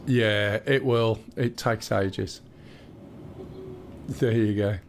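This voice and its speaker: A man's voice: on the low side, fairly even intonation, extremely slow, a little hiss or hum. A man in his sixties hosting a live game stream, chatting casually with rambling, jokey asides. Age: 60s. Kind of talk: casual gameplay chat.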